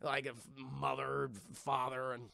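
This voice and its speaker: Brief: young male streamer, bright gravelly voice, excitable and profane, dry close mic. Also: mid-range voice, measured pace, no room sound. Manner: excitable, profane, acts out scenes in loud yelps. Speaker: film reviewer streaming live. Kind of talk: casual profane film recap.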